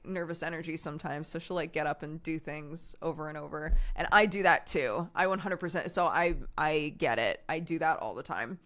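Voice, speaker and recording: A woman streamer telling family stories in casual chat, animated and laughing often. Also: lowish voice.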